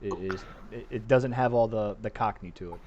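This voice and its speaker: A man's voice: fairly low pitch, normal speed, darkish tone. A man chatting as a tabletop player, teasing and egging the others on. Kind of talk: casual game chat. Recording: lo-fi mic with background noise.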